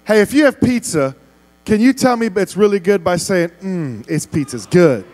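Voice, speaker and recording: A man preaching as a youth pastor, playfully wrangling a big room of students and often shouting. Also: sits high, expressive, normal speed. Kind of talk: youth ministry sermon.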